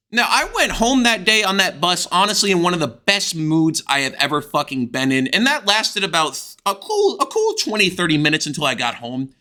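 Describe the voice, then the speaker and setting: A young man from the United States telling a crude, excitable storytime with plenty of swearing. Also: high-pitched. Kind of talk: animated storytime vlog.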